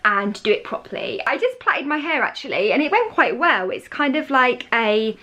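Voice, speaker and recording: Her voice sits a little high and sounds bright and forceful, very animated but at a normal speed. She's a young woman from England making a casual vlog at home, talking to camera in a rambling, self-mocking manner.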